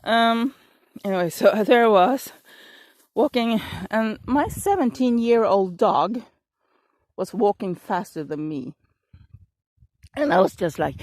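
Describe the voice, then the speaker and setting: Out on a walk, a middle-aged woman vlogger tells a rambling, sarcastic story, laughing at herself while breathless and coughing from allergies. Her mid-range voice is expressive, unhurried and a little mellow, with no echo.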